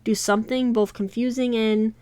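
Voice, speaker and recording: A woman's voice: fairly high pitch, fairly even intonation, darkish tone, clean tone, close to an everyday voice. Woman voicing a flustered young woman baker. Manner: flustered, halting.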